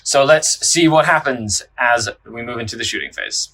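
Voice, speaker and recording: A man's voice: mid-range voice, normal speed, sharp tone. Chatty man calling tabletop game moves. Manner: chatty, laughs often, thinks aloud. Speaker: host and player. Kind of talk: casual tabletop battle commentary.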